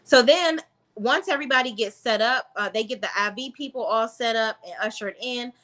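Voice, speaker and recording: Sassy lady doing a tv recap, tells it like it is, sharp bright voice. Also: on the high side, moderate pace. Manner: blunt, sassy, talks straight to viewers. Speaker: reality TV reviewer. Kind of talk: casual recap commentary.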